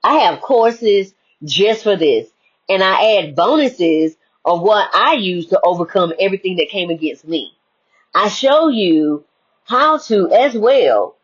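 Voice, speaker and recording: A woman with a husky, breathy voice delivers a spiritual motivational monologue as a life coach. Her pitch swings widely while she presses her points and circles back to repeat them. The recording sounds dull and lo-fi. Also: sing-song, unhurried. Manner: emphatic, preachy, repeats key phrases.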